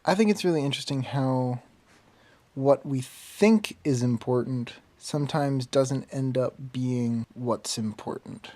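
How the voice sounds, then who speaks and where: A man's voice: medium pitch, measured pace, dark tone. Thoughtful young man musing aloud. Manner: thoughtful, rambling. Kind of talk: casual vlog monologue.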